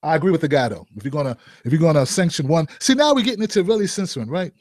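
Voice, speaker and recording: A man's voice: a little high, animated, rapid-fire, a little mellow, dry recording, clean studio sound. A man hosting a commentary show, joking and firing rhetorical questions and asides at his viewers. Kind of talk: opinion commentary vlog.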